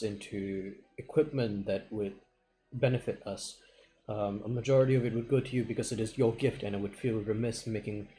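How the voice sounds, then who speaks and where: A man's voice: on the low side, warm tone. A man playing a tabletop game, speaking earnestly and formally when in character. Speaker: player.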